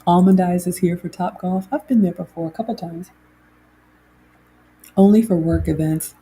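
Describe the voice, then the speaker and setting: A woman's voice: lowish voice, normal speed, warm tone, breathy edge. A middle-aged woman hosts a chatty livestream and reads viewer comments aloud. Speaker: host. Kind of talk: casual livestream chat.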